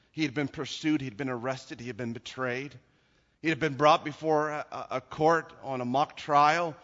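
Impassioned preacher in a ringing hall. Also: male voice, fairly high pitch. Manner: dramatic, swinging from hushed storytelling to shouted climaxes. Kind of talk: sermon. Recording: lo-fi recording with long hall reverb.

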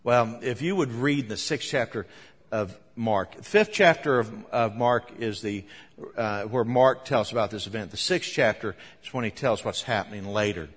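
A man preaching a sermon, telling the story with animated emphasis and chuckles. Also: on the low side, moderate pace, breathy edge, big-room sound.

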